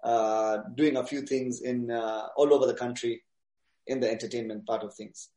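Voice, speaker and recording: A man answering interview questions in a casual, relaxed way, pausing often with fillers. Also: mid-range voice, reverberant. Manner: relaxed, hesitant with many fillers. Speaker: interview guest, DJ.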